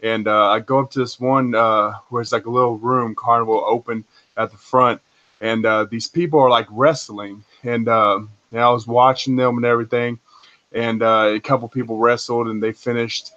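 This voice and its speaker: A man calling in to a spiritual show and recounting a dream in a rambling, halting way. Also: mid-range voice, level tone, pushed and bright, dull audio. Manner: rambling, many fillers and restarts. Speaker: caller. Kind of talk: casual storytelling.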